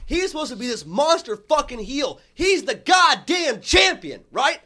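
Profane podcast host, male, high and animated, tells stories loudly. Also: moderate pace. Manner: profane, animated, laughs often. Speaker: podcast host, former wrestling manager. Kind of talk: casual storytelling chat.

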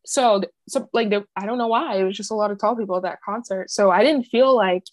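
A woman's voice: medium pitch, quick pace, no echo. A young woman co-hosting a podcast, telling a story in casual chat with lots of "like". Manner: chatty storyteller, heavy use of "like", acts out quotes. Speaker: podcast co-host.

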